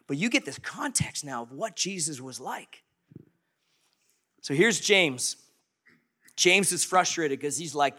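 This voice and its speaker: A man preaching a sermon as pastor, animated and conversational, acting out quoted voices. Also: sits high, moderate pace.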